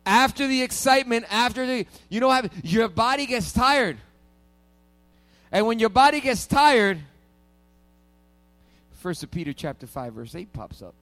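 High-voiced man preaching playfully. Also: very animated, normal speed, pauses often, fairly bright tone, soft background music. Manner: call-and-response preaching, playful and emphatic. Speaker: pastor. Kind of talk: sermon.

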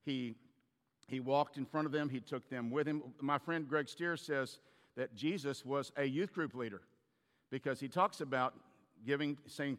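A man's voice: mid-range voice, moderate pace, a bit bright. Man preaching in a reverberant hall. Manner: conversational storytelling with frequent restarts. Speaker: pastor. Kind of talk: sermon.

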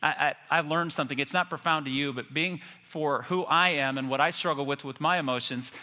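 Animated man in his fifties preaching. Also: a little high, fairly quick, long reverb tail. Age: 50s. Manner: animated storytelling with self-deprecating humor. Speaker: pastor. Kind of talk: sermon.

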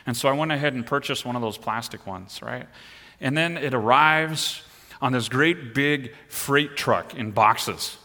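A middle-aged pastor preaches to his congregation, telling a story with lively, animated energy that swells at the big moments. His voice is bright and forward. It carries a long reverb, as if it fills a church sanctuary. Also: medium pitch, measured pace. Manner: animated storytelling, rising and pushing hard at the exciting parts. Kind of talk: sermon with personal story.

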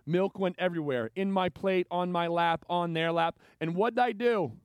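A man's voice: high voice, normal speed, clear, resonant tone, no echo. A male pastor preaching a sermon, telling stories animatedly and acting out the voices of the people in them.

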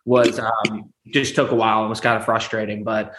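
A man's voice: fairly low pitch, flat delivery, brisk, fairly bright tone, a little hiss or hum. Young guy chatting loose and easy, bit of room echo, laughs as he tells stuff. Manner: easygoing, laughs while telling stories. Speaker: guest, amateur charity boxer. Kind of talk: casual interview chat. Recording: roomy echo.

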